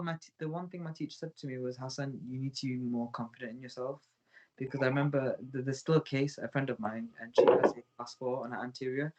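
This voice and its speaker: A man chatting as a podcast guest, quick to agree and eager to chime in. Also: mid-range voice, rough recording. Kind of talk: casual chat.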